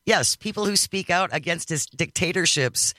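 A man's voice: high voice, moderate pace, dry recording, studio quality. A man hosting a talk radio show, taking texts and callers and mocking what he reports. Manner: animated, mocking paraphrase. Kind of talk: casual talk radio banter. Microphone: studio mic.

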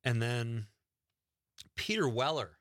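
A man's voice: mid-range voice, lively intonation, slow pace, a bit bright, dry recording, clean studio sound. A man from Wisconsin hosting a radio show, chatting casually and rambling through a list of names. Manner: chatty, rambling name-dropping.

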